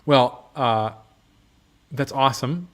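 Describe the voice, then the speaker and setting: A man hosting a casual livestream from a motorcycle workshop, reading out viewer comments in a relaxed, rambling way full of ums and restarts. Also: medium pitch, takes it slowly.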